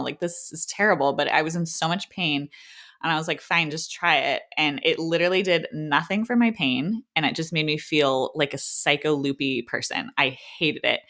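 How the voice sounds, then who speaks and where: A woman's voice: deep voice, fairly quick, fairly bright tone. A woman in her thirties, a podcast co-host, casually telling a personal story, full of "like" and acted-out quoted exchanges. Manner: chatty, frequent "like", acts out quoted exchanges.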